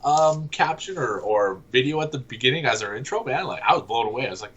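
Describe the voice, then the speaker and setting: A Canadian man co-hosting a hockey podcast in a husky voice. His pitch swings widely as he throws out enthusiastic, crude banter. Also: expressive, quick pace, hardly any pauses, fairly bright tone, lo-fi sound. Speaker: podcast co-host. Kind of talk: casual chat.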